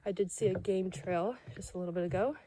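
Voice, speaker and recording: A woman's voice: on the low side, fast talker, noisy background. A young woman talking casually to her camera while hiking alone on a forest trail, slightly out of breath and chatty about watching for bears. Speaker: vlogger.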